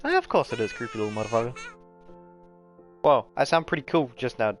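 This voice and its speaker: A man's voice: mid-range voice, huge pitch swings, brisk, long pauses. A man from New Zealand chats on a game live stream, swearing freely and tripping over his words as he reads along. His voice sits in the middle range, with faint game music under it. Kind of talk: casual live-stream commentary and reading aloud.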